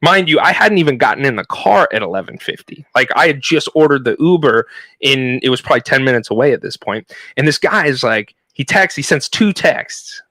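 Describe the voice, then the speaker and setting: A man co-hosting a podcast, telling a long story in a casual, animated way, with frequent swearing and fillers. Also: mid-range voice, fairly quick, no room sound. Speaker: podcast co-host.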